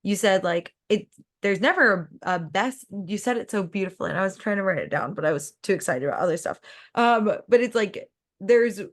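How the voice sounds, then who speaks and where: On a coaching call, a female business coach works through a client's mindset, speaking fast and with emphasis. Her pitch leaps up when she voices her own inner thoughts, and she's expressive throughout.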